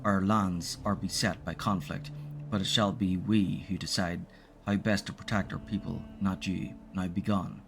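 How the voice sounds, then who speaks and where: Stern king, bossy and proud read out by a man, low voice. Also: flat delivery, normal speed, vocal fry.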